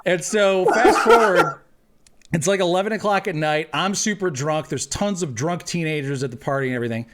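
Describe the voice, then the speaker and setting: A young man telling a funny story to friends in casual chat, animated, laughing as he goes. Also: fairly high pitch, fairly quick, slight background noise. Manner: animated anecdote with laughing asides and acted quotes. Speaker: tabletop game player.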